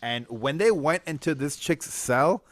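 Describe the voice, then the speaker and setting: A man's voice: a little high, expressive, a little slow, no echo. A man co-hosting a casual comic book review chat, laid-back and slangy, laughing often.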